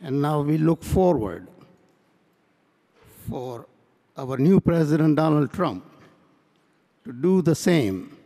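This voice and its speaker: Male convention speaker with a high voice, measured parable-telling, recorded in a big echoing hall. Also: very animated, mellow. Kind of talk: welcome speech at a convention. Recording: long hall reverb.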